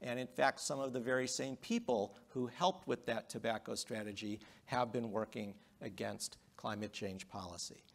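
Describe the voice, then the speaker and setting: A middle-aged man giving a public lecture, emphatic, with rhetorical questions and swings between loud and quiet. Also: mid-range voice, normal speed, gravelly, hardly any pauses. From United States.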